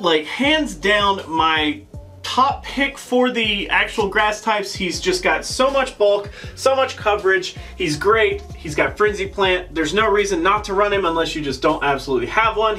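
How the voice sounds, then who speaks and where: A high, bright male voice explains game strategy off the cuff. He talks in a loose, chatty way and fills pauses as he thinks. Light music plays behind him. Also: expressive. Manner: chatty, leans on filler words. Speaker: gaming channel host.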